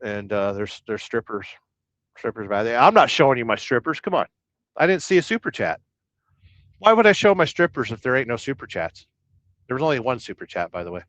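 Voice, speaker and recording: A man's voice: medium pitch, sing-song, a little fast, a bit bright, dry recording, lo-fi sound. A man hosting a casual livestream from inside his truck, chatting and joking while reading viewer comments aloud. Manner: rambling, jokey, reads viewer comments aloud. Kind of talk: casual live-stream chat.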